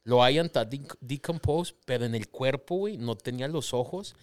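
A young man co-hosting a podcast, telling a spooky story in fast, slangy, profane casual chat. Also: medium pitch, clean tone.

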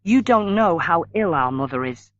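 A man's voice: fairly high pitch, lively intonation, moderate pace, fairly bright tone, no echo, dull audio, pitched above the performer's own voice. A man voicing a young woman who reproaches her brother, tearful and accusing.

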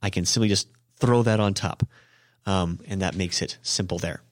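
Guy with a lowish voice teaching japanese on his podcast, lots of ums, fixes himself mid-sentence, dry sound. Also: normal speed, no echo. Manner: explains with many ums and self-corrections. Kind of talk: casual podcast language lesson.

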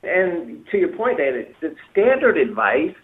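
A man's voice: on the high side, very animated, unhurried. A man giving emphatic dating advice on a talk show, repeating himself and acting out example phrases. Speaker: dating coach. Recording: echoey, tinny phone-like sound.

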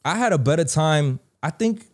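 Man, New York accent, casual storytelling, slangy, animated. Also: fairly high pitch, a little fast. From New York (Bronx). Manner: slangy, animated, acts out dialogue.

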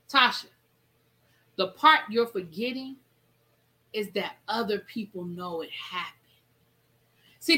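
A woman's voice: on the high side, pushed and bright, poor audio. A woman hosting a casual commentary show, talking in a sassy, emphatic way and drawing out her repeated phrases. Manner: sassy, emphatic, drawn-out repetitions. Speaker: show host.

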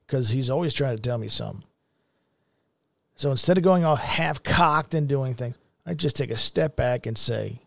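A man's voice: mid-range voice, moderate pace, vocal fry, a bit bright, no room sound. A middle-aged man hosting a commentary show, ranting in a blunt, profane and heated way. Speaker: show host.

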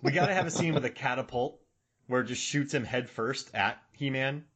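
An excitable man riffing with a friend as podcast co-host, laughing a lot and making sound effects. His pitch sits at an ordinary middle height for a man. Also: brisk, crowd noise. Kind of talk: casual chat.

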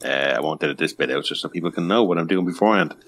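A man's voice: extremely low pitch, racing, a bit bright, slight background noise. A man co-hosting a podcast in casual chat, joking, swearing and reading news items aloud. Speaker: podcast co-host.

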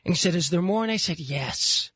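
A man hosting a talk radio show, telling a story in an animated, exasperated way. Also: sits high, a little fast, lo-fi sound, background noise. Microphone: studio microphone.

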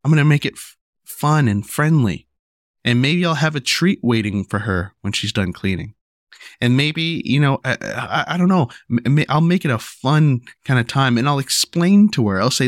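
A young man talking casually about raising his daughter, rambling and restarting, repeating "you know" and "right?", and going higher when he acts out what he tells her. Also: expressive, normal speed, no echo, studio quality. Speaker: father sharing parenting advice. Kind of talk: casual monologue to camera.

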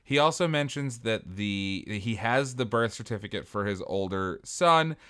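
A man's voice: fairly low pitch, animated, normal speed, fairly bright tone, clear, resonant tone. A man co-hosting a podcast in casual chat, chiming in with wry jokes and agreement. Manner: wry, joking interjections. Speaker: podcast co-host.

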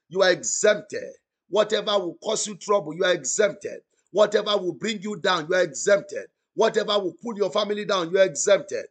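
Fervent high-voiced preacher, chanting. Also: male voice, animated, normal speed, a bit bright. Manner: fervent, repetitive, chanting, speaks in tongues; commanding calls for audience response. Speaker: pastor. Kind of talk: prophetic prayer on an online broadcast.

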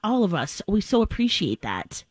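A woman's voice: mid-range voice, big pitch swings, moderate pace, slightly rough, no room sound. A woman co-hosting a radio talk show, chatting in an enthusiastic, conversational way. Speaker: radio co-host. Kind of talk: casual chat.

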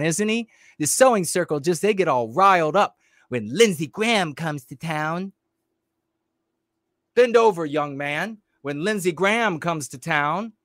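A man's voice: fairly high pitch, fairly bright tone, no echo. Heated, blunt male political commentator. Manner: heated, blunt, halting with many fillers. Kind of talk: ranting livestream commentary.

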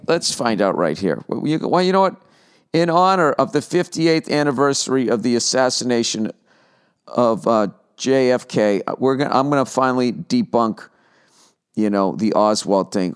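A man's voice: mid-range voice, clear, resonant tone. A man hosting a comedy podcast, rambling through profane asides with mock outrage in a casual rant.

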